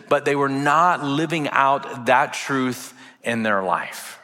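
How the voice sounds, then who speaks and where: A man preaching a sermon as a pastor, telling the story in a lively, playful way. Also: medium pitch, normal speed, few pauses. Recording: long reverb of a large hall.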